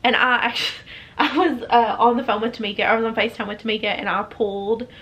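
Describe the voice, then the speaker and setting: A woman's voice: on the high side, steady tone, fast talker, fairly bright tone, lo-fi sound. A young woman with a Southern US accent chatting casually as a book vlogger, rambling with many fillers and restarts. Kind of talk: casual chat.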